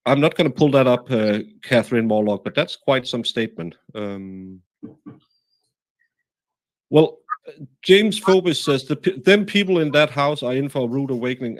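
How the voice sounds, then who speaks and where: Guy hosting a live stream, lots of uhs and restarts, mid-pitched plain voice. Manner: rambling, halting with many fillers. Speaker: livestream host. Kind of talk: casual chat.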